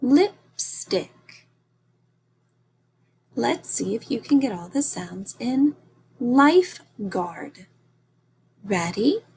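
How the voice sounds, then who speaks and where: A woman teacher giving a recorded phonics lesson to young children, slow and encouraging as she sounds out each part of a word. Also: a little high, animated, creaky, dark tone, breathy edge.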